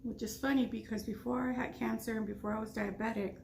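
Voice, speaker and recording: A woman's voice: on the high side, steady tone, quick pace, gravelly, darkish tone, a little hiss or hum. Chatty woman vlogger talking while eating. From United States. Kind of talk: casual mukbang storytelling.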